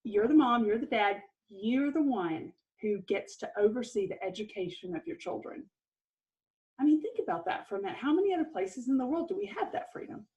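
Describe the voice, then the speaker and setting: A woman's voice: on the high side, animated, fairly quick, dark tone, highs cut off. Encouraging woman teaching parents. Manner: earnest and encouraging, laughs lightly. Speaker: parenting course presenter. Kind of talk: parenting lesson talk.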